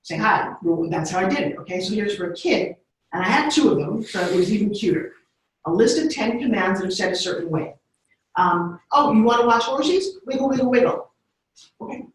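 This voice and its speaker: A middle-aged woman telling stories in an animated way, often acting out voices. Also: lowish voice, brisk. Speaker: speaker. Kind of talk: storytelling talk. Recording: echoey room, far from mic.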